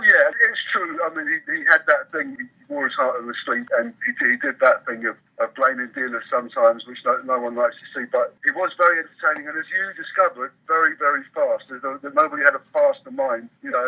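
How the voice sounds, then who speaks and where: A man's voice: on the high side, highs cut off. A middle-aged man, chatting casually as an interview guest, self-deprecating and full of restarts. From England. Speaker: professional poker player guest.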